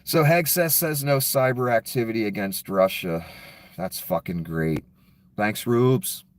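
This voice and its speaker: A man's voice: lowish voice, measured pace. Profane, scornful male political ranter. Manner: profane, scornful, sarcastic, reads headlines aloud. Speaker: political commentator. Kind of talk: angry political rant.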